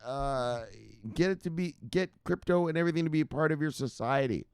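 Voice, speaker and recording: A man hosting a late-night crypto news show, loud and profane, laughing and bursting into shouts. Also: on the high side, fairly quick, smooth, no echo, studio quality. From United States. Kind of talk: rowdy profane news commentary. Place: home at night in a city.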